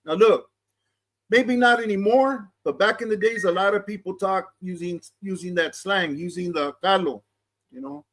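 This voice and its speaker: A man's voice: high voice, normal speed, a bit bright, a little hiss or hum. A middle-aged man hosting his channel, talking casually and often checking in with "okay?". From East Los Angeles. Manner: conversational, peppered with "okay?" and Chicano slang. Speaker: channel host. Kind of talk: casual commentary monologue.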